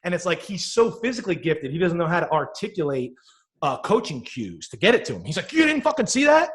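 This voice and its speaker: Podcast guy, slightly high voice, swears a lot, animated storyteller. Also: fast talker. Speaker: podcast co-host. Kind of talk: casual chat.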